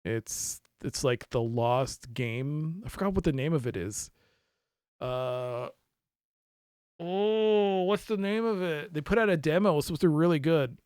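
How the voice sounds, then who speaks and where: A man with an American accent giving casual, rambling live-stream commentary while playing games, jokey and self-mocking and quick to laugh. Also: on the high side, animated, a little mellow, smooth, dry recording. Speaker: game streamer.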